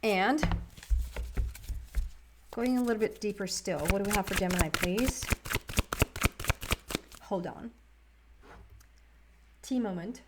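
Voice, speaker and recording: A woman's voice: mid-range voice, slow pace, pauses often, very noisy. A woman giving a casual, rambling tarot reading to camera, often restarting her words. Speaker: tarot reader.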